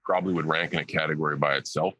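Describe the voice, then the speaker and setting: A man's voice: rumbling low, steady tone, rapid-fire, bright, forceful tone, dry recording, rough recording. A man in his forties, a guest on a podcast, answering questions in a dry, sarcastic, joking way. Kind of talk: casual interview answers.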